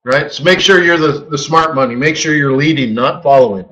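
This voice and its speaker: A man hosting a live trading webinar, telling a story in a casual, animated way and acting out quotes with a chuckle. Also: fairly high pitch, brisk, low-quality recording. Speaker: forex market strategist hosting a live webinar.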